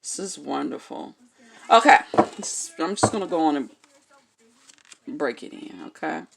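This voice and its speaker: Low, gravelly-voiced blunt woman. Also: expressive, measured pace, background noise. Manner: blunt, frank, swears freely; keeps checking in with "okay?". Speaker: tarot card reader. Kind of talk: casual instructional vlog.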